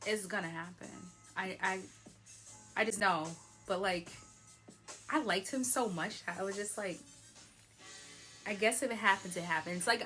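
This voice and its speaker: Pushed and bright at medium pitch, this young woman's voice carries a casual personal story for her vlog. She's had a bit of wine, chats freely, laughs often, and fills her sentences with "like."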